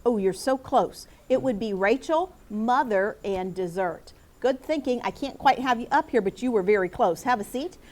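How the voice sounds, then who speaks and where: A middle-aged woman teaching a classroom lesson, speaking clearly and encouragingly as she calls on students by name. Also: fairly high pitch, moderate pace, few pauses, darkish tone, a little hiss or hum.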